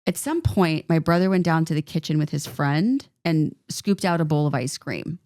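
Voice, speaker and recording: Woman podcast host, low voice, dry close sound, animated rambling storytelling. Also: normal speed, no room sound. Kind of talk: casual storytelling chat.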